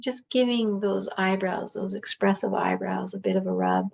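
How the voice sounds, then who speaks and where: A woman teaching a guided self-massage relaxation, speaking gently and unhurriedly with soft pauses and fillers. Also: mid-range voice, fairly even intonation, gravelly.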